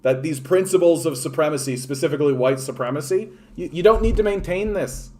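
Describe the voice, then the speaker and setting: A man's voice: a little high, a little fast, a little mellow. A man with a Canadian accent, ranting in a solo political commentary, sarcastic and profane, often mocking others in put-on voices. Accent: Canadian English.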